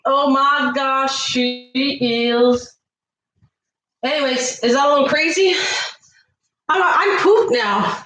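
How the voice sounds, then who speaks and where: A woman hosting a casual cooking livestream, chatting away and warmly thanking viewers by name from her kitchen. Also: high voice, slow, pauses often, a little hiss or hum. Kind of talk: casual live-stream chat. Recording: echoey room.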